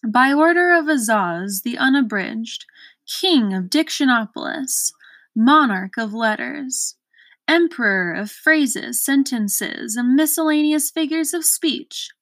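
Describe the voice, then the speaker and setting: A woman voicing a group of formal, courtly gentlemen officials reading proclamations in turn. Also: high voice, animated, slow, no echo, exaggerated voice. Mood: ceremonious.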